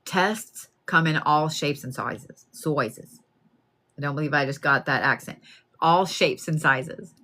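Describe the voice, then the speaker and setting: Speaking in a low voice at a measured pace, this woman card reader talks straight to the listener during a live reading. Her delivery is casual and plain, with lively asides.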